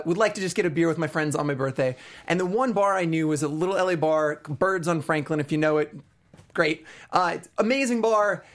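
A man from Arizona hosting a podcast, telling a story in an animated, self-mocking way. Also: fairly high pitch. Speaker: podcast host. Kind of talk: casual storytelling.

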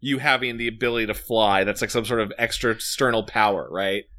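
A man co-hosting a casual book discussion, animated and joking, often restarting his sentences. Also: lowish voice, fairly quick. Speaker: podcast co-host.

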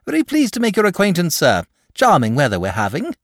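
A timid, fussy dragon, polite and easily flustered, in a storybook reading, as a man puts him on. His voice darts up high and swings widely, and the sound is dry and close. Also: wildly swooping pitch, brisk, no room sound, heavily acted. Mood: nervous, polite. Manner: nervous, genteel and easily flustered. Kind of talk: storybook reading, voicing characters.

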